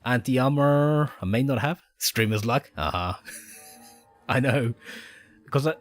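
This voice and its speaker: Guy streaming a game, mixed spanish-aussie accent, lively up and down voice, faint music behind. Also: medium pitch, slow pace. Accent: mixed Spanish-Australian. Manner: rambling, chuckles often. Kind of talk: casual live-stream chat.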